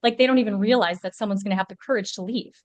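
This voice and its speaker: A woman's voice: mid-range voice, rapid-fire, no room sound, dull audio. A woman guest in a casual podcast conversation, talking in a chatty way with lots of "like" fillers. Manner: chatty, many "like" fillers, animated.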